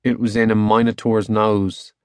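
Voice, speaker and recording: A man's voice: on the low side, flat delivery, normal speed, clear, resonant tone, no room sound, clean studio sound, natural voice. A man voicing a proud, grouchy schoolboy who speaks curtly and defensively.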